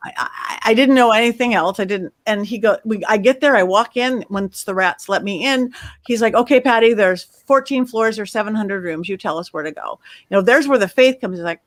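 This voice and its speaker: A middle-aged woman on a panel, telling lively stories and acting out the quoted voices in them. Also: medium pitch, brisk, no echo, clean studio sound. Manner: animated storyteller, acts out quotes. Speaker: medium, panel guest. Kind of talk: casual panel chat.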